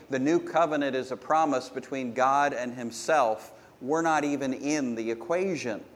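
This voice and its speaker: A pastor preaching a sermon, building his points with punchy rhetorical questions and bursts of emphasis. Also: fairly high pitch.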